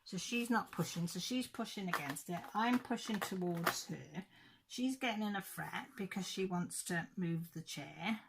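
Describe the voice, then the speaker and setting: Chatty middle-aged woman, lower voice. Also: animated, normal speed, creaky, a little hiss or hum. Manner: chatty, rambling, with frequent self-corrections. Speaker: craft vlogger. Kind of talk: casual chat, storytelling.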